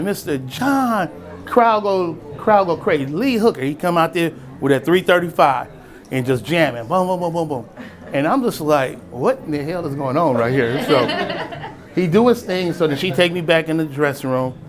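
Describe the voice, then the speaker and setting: A middle-aged man from East Oakland telling a personal story in a casual, animated way, acting out the voices of people he quotes and chuckling often. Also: a little high, moderate pace, a crowd in the background. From East Oakland, California. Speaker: storyteller and spirits brand founder.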